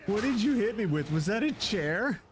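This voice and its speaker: Playful, animated man streaming a game. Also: high-pitched, normal speed, background noise. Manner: playful, joking, laughs often. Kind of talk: casual live gameplay commentary.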